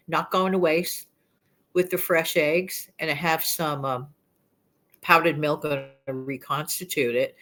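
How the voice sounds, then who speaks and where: Chatty older woman with a New York accent, slightly low voice, rambling and emphatic delivery. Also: fairly bright tone. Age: 60s. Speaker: frugal living vlogger. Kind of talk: casual chat to camera.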